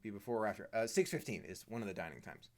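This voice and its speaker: A man's voice: lowish voice, animated, rapid-fire. A man from the Washington, D.C. area hosting a live stream Q&A, chatty, reading viewer comments aloud and answering them. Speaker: host.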